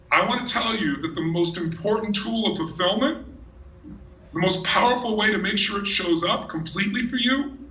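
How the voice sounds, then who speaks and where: Bright, high-pitched man in an echoey hall. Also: recorded from a distance. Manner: energetic storyteller, teasing and emphatic. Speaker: motivational speaker. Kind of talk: motivational stage talk. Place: large hall with a live audience.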